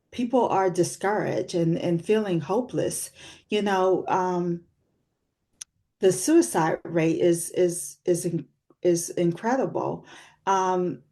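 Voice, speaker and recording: A woman's voice: fairly low pitch, slow pace, dark tone. A woman in her sixties, a guest author sharing a personal story in an interview, reflective and earnest. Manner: reflective, earnest, with frequent fillers. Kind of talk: personal testimony in a talk-show interview.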